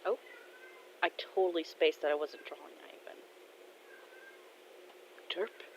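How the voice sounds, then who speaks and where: A woman's voice: fairly low pitch, a little slow, slight background noise, poor audio. A woman casually telling a story she made up, in a chatty, informal way. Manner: chatty, informal, laughs at herself.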